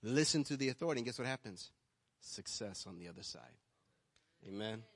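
A male pastor preaching a sermon, telling personal stories and swinging between soft asides and loud, emphatic calls to the congregation. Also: on the low side, lively intonation, fairly quick, vocal fry, breathy edge. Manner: storytelling, swings from quiet to loud. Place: church hall. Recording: long hall reverb.

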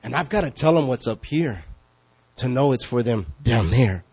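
A man preaching a sermon as pastor, conversational and questioning, swinging between loud calls and hushed asides. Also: mid-range voice, animated, normal speed, husky. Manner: conversational, asks the congregation questions.

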